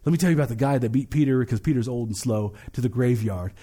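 A man's voice: medium pitch, fast, warm tone, pitched below the performer's own voice, natural voice. A man putting on the voice of an eager young male apostle who brags in a confiding way, in a sermon. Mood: bragging. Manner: bragging, confiding.

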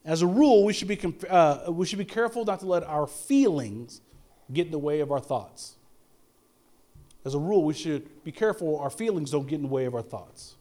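Middle-aged male pastor, fairly high voice, chatty sermon delivery, rhetorical questions, frequent restarts. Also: expressive, moderate pace, long pauses, darkish tone. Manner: conversational preaching with repeated rhetorical questions and stammered restarts.

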